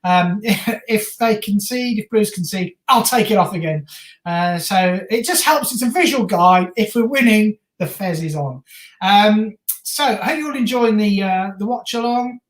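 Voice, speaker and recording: A man's voice: high-pitched, measured pace. A man with a Birmingham accent chats casually through a football watch-along stream. He reads viewer messages and answers them as he goes. His voice carries a roomy echo. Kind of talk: casual live-stream chat.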